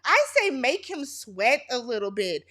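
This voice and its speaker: Sassy, slightly high-voiced woman recapping TV. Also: sing-song, measured pace, fairly bright tone. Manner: sassy, blunt, gossipy. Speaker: reality TV recap host. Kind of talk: casual TV recap commentary.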